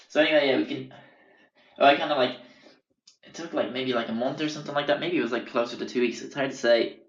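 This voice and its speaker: A young man telling a story in a rambling, swear-filled way, full of fillers and restarts, at a middle pitch. He sounds like he is in a roomy space. The recording is a bit dull. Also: fast talker. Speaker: podcast host. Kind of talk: casual storytelling.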